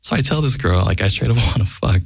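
This guest storyteller's voice is on the low side, gravelly with a breathy edge, expressive and fast. He tells a casual, profane anecdote bluntly, performing the quoted lines, in a dry, clean studio recording.

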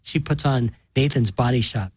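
Dude reading a story, husky voice, dry sound, deadpan. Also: male voice, mid-range voice, moderate pace, no echo. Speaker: narrator. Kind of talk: audiobook reading.

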